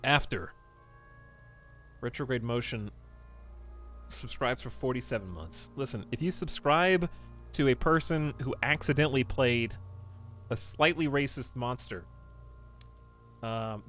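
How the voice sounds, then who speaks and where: Lively, rambling male streamer. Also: medium pitch, unhurried, pauses often, faint music behind. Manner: rambling, talking straight to chat. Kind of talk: casual livestream chat while playing a game.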